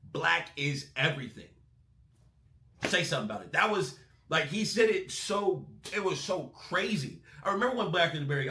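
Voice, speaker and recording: A man hosting a music breakdown channel, talking in a casual, excitable, profane way. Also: fairly high pitch, roomy sound. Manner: animated, excitable, swears freely. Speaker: music reaction host.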